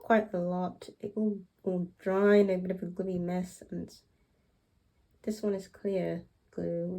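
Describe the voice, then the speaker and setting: A woman hosting a casual craft tutorial, chatty, with hesitant fillers and soft laughs. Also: lowish voice, rough recording.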